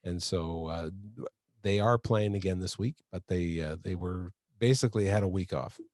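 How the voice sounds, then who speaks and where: A man's voice: low-pitched, moderate pace, a little mellow, dry recording, clean studio sound. A man hosting a casual chat show, talking in a chatty way with fillers and frequent laughs. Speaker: host.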